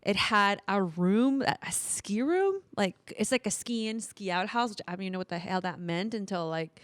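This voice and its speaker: Recorded dry, her medium-pitched voice moves at a moderate pace. She's a podcast co-host in her thirties, telling a story in casual banter with plenty of laughter and acted-out lines, animated the whole way.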